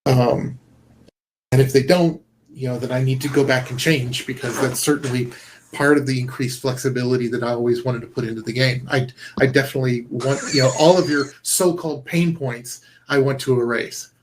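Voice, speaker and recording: A man's voice: mid-range voice, fairly even intonation, fairly quick, noisy background. Earnest rambling man on a call. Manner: earnest, rambling with many fillers and restarts. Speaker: game developer guest. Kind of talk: casual conversation.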